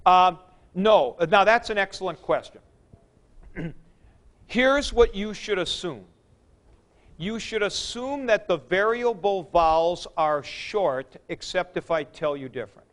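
A man with a high, smooth voice teaches a Greek grammar class. He speaks slowly and patiently, going back over each key point. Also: fairly bright tone. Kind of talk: classroom lecture.

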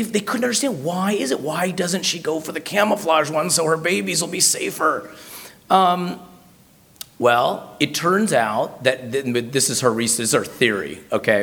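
A young man tells a personal story to an audience in a loose, chatty way, often restarting and adding fillers. His voice has a gravelly, creaky edge. He pokes gentle fun at himself as he goes. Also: a little high. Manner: chatty, self-deprecating, many fillers and restarts. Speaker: state senator giving a talk.

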